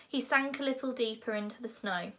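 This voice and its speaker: A woman reading a children's novel aloud in a lively, expressive way. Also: on the high side, brisk. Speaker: reader.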